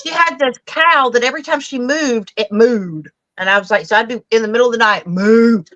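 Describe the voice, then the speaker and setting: Bright-voiced woman co-host, lo-fi sound. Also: fairly high pitch, a little fast. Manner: chatty, laughs along, tells anecdotes. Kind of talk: casual live chat.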